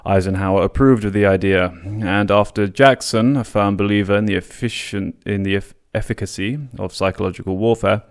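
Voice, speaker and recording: A man with a somewhat low voice reads long passages from a history book for his podcast. He mixes the quotes with relaxed asides and now and then trips over a word and restarts it. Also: brisk, few pauses. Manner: occasional stumbles and restarts on words. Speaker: podcast host. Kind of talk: reading and paraphrasing a history book aloud.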